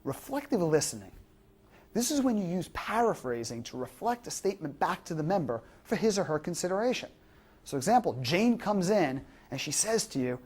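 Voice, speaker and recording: Husky, animated woman teaching fitness coaching. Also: on the low side, brisk. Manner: explanatory, poses rhetorical questions. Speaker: fitness instructor. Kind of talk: instructional lecture.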